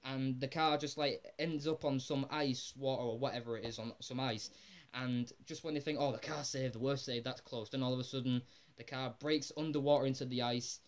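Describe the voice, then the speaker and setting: A man giving a casual, rambling spoken recap of a TV episode, excitable, with lots of "like" fillers and casual swearing. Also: mid-range voice, a little fast. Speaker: episode reviewer.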